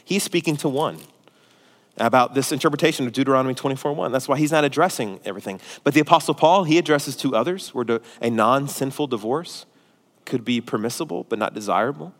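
A male pastor preaching a sermon, forceful and emphatic at times and quiet and pastoral at others. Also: mid-range voice, fast talker. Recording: long hall reverb.

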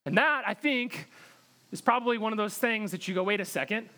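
A man's voice: high-pitched, fairly quick, sharp tone. A man preaching a sermon in an earnest, direct way, often repeating words for emphasis. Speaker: pastor.

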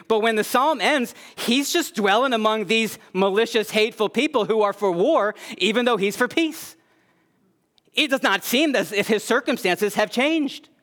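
A male pastor delivers a sermon in an earnest voice that sits high for a man. He climbs to emphatic peaks and then sinks back to soft, low passages.

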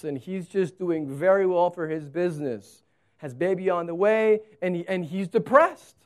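A man in his thirties preaching a sermon as pastor, telling stories and acting out conversations with animated delivery. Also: high-pitched. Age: 30s. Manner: animated storytelling, acts out dialogue.

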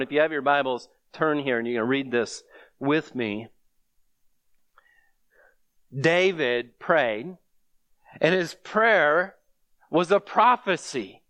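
A male preacher delivers a sermon in a slightly high, smooth and clear voice. He speaks slowly and earnestly, reading scripture aloud, and the recording is dry and close. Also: fairly bright tone, dry recording.

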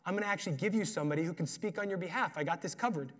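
A preacher voicing a patient reassuring God. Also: male voice, high voice, racing, a bit bright.

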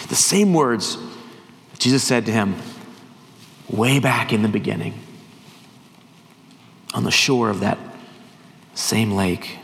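Gravelly middle-aged man preaching. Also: medium pitch, expressive, moderate pace, pauses often. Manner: storytelling, quoting scripture in character, rising emphasis. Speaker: visiting missionary preacher. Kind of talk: sermon. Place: church hall. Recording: church hall reverb, faint noise.

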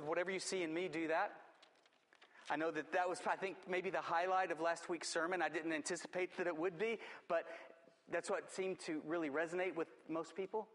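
A man's voice: on the high side, fairly bright tone. A man preaching a sermon as a pastor, emphatic, repeating his key phrases. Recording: long church reverb.

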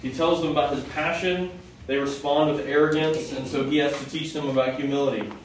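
A man's voice: fairly high pitch, steady tone, brisk. Male preacher, conversational teaching sermon, heavily echoing hall, mic well away from him. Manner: conversational, asks the audience questions. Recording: echoey hall from far off, faint noise.

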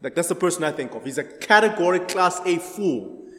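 A man's voice: high voice, expressive, fairly quick, pushed and bright. A man leading an interactive Bible study, chatty, laughing often and quizzing the group. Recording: echoey hall.

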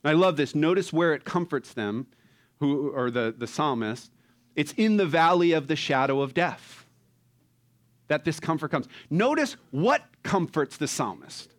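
Animated preacher with a twang. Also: male voice, a little high, a little slow. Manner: animated, conversational preaching with rhetorical questions. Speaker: pastor. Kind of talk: sermon.

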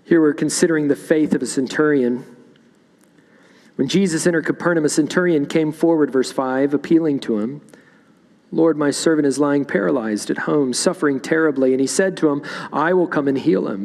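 A man's voice: fairly high pitch, normal speed, creaky, darkish tone, big-room sound. A man preaching a sermon in a church, reading scripture aloud and explaining it verse by verse. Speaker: pastor. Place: church sanctuary.

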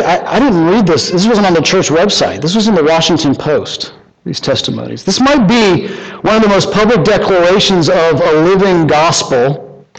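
A man's voice: fairly high pitch, low-quality recording. A man preaching a sermon earnestly, repeating lines and asking the congregation rhetorical questions. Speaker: pastor.

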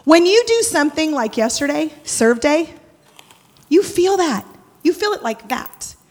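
A woman preaching a sermon in a church, expressive, moving between loud lively passages and hushed prayerful ones. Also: high voice, a little slow. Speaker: church speaker. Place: church sanctuary. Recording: long hall reverb.

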